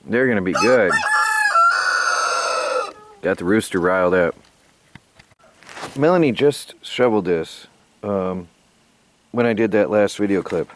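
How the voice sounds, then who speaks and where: A lower-voiced man rambles casually to his camera while standing outdoors in the snow. The camera mic picks up clear background noise and chickens clucking around him. He sometimes sounds out of breath from the cold. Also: expressive, measured pace, pauses often. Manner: rambling, chatty, talks to his birds. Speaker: homesteading vlogger. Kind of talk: casual vlog narration. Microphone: handheld camera mic.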